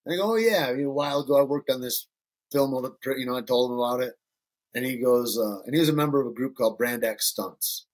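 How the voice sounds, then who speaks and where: Man from Michigan, husky voice, medium pitch, middle-aged, swearing, playing out quoted voices. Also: steady tone, fast talker. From Northern Michigan. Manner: loose and profane, acts out quoted voices. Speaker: podcast guest. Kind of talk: casual storytelling.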